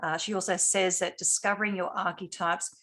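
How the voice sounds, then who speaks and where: A woman hosting an interview, asking questions gently with small restarts. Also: fairly low pitch, level tone, fairly quick. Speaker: interviewer, host.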